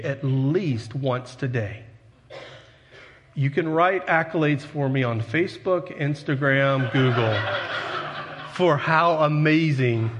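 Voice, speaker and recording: A man preaching as a pastor, earnest and conversational, with self-deprecating asides to his congregation. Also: medium pitch. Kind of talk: sermon. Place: church sanctuary. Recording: long hall reverb.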